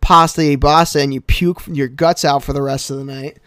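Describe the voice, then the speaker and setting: A young man hosting a casual podcast, telling stories in an animated, jokey way that swings from quiet to loud. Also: medium pitch, fairly quick, clear, resonant tone, dry recording, studio quality. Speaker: podcast host.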